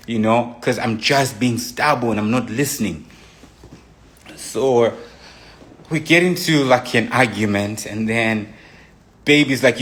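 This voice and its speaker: A man's voice: mid-range voice, slow pace, a bit bright. A young man casually recounting a relationship story, rambling with restarts and frequent "you know" asides. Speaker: boyfriend telling his side of a relationship story.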